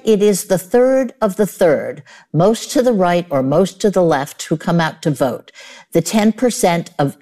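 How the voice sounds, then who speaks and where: A woman's voice: fairly low pitch, warm tone. A woman arguing her side in a formal debate, emphatic and assertive.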